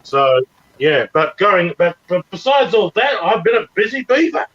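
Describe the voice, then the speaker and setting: A man's voice: sits high, very animated, normal speed, fairly bright tone, breathy edge, dull audio. A man chatting on a video call, rambling and eager, often restarting his sentences. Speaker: regular panelist. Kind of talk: casual chat on a video call.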